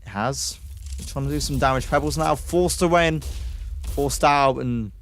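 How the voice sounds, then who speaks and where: A man's voice: a little high, normal speed, a little hiss or hum. A man from the UK casting an online esports match with play-by-play commentary, rising sharply on kills and chatting with stream viewers between rounds. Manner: excitable, jumps up on kills, chats with stream viewers. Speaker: esports caster.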